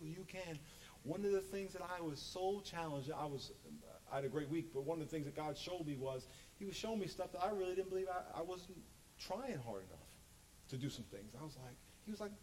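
A man preaching a sermon as pastor, animated and joking, acting out quotes. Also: high voice, fairly quick, a little hiss or hum, low-quality recording.

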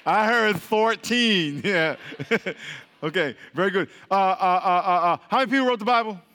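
A high-pitched, sharp-toned man preaches to a congregation in a hall with long reverb. Using call-and-response Bible teaching, he repeats his questions, drills the crowd, and often laughs.

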